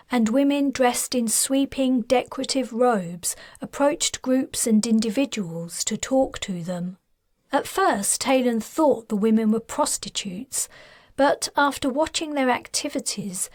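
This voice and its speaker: A woman, the author, narrating her own science fiction novel in a steady, measured storytelling voice. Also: a little high, no echo, studio quality. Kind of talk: scripted audiobook narration.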